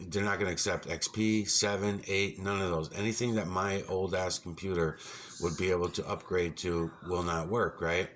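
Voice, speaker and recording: A man with a very deep, low voice talks off the cuff in a casual home vlog. He rambles, swears freely and gets excited, dotting his speech with ums and uhs, over a faint hum of room noise. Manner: rambling, profane and excitable, frequent fillers. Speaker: YouTube vlogger.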